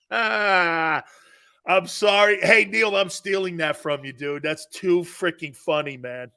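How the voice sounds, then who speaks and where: A man hosting a sports talk show, joking loudly and laughing often as he riffs on football. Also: sits high, huge pitch swings, drawn-out words, vocal fry. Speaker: sports radio host.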